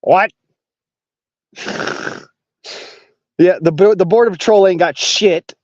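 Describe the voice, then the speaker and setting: A man's voice: high voice, takes it slowly, a little mellow, no echo, highs cut off. A man from Arkansas with a Southern accent, hosting a casual political monologue in a blunt, profane, rambling way. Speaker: online talk show host.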